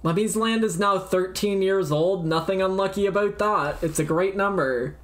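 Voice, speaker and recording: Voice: medium pitch, moderate pace. A livestreamer chatting casually while browsing the web, rambling and easily distracted, laughing often and swearing now and then.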